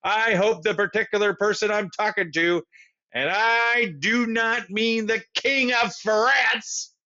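A busy, stern president giving brisk formal speeches, as a man puts him on for a storybook reading. The voice sits higher than usual and is bright and animated. The recording is dull and lo-fi. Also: heavily acted. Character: stern busy middle-aged male president.

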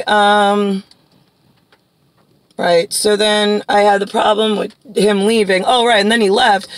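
A woman's voice: medium pitch, no echo, rough recording. Rambling profane woman, dry close sound. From Long Island, New York. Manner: rambling, profane, many "like" fillers. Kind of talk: rambling monologue vlog.

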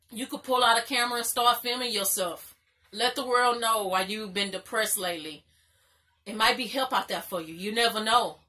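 A young woman talks straight to the camera in a bright, forceful voice. She gives casual, emphatic advice and repeats her points with informal slang. At times she is close to tears. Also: on the high side. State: crying at times. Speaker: vlogger.

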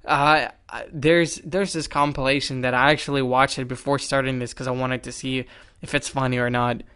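A young man hosting a solo podcast, telling stories in an animated, exasperated way. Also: mid-range voice, normal speed, clear, resonant tone. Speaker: podcast host.

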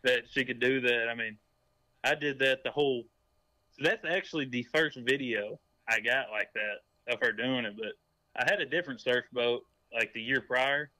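A man's voice: mid-range voice, moderate pace, pushed and bright, dry recording, low-quality recording. A man, chatting easily as a podcast guest. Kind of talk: casual chat.

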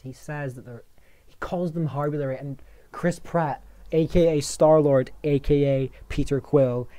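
Man, dark mellow tone, sweary mock-outraged rant full of restarts and exaggerated indignation. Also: mid-range voice. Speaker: video maker.

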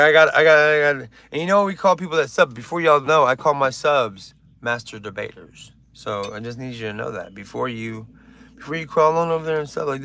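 A man's voice: mid-range voice, creaky, a bit bright, slight background noise. A man hosting a casual livestream, joking, rambling and reading chat aloud. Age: older. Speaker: livestream host.

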